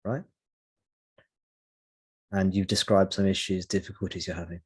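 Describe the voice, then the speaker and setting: A man leading a spiritual meeting, answering a question in a slow, reflective way with long pauses. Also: low-pitched, level tone, husky. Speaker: satsang teacher.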